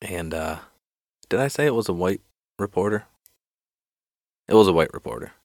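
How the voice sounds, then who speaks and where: A man's voice: low-pitched, expressive, moderate pace, darkish tone, no room sound. A man hosting a solo podcast, telling a joke in a rambling, self-deprecating way and laughing often. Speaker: podcast host.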